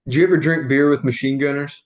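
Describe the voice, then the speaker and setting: A man's voice: mid-range voice, fairly even intonation, quick pace. A man hosting a podcast, blunt and joking, cursing casually as he chats. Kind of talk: casual chat. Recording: roomy echo.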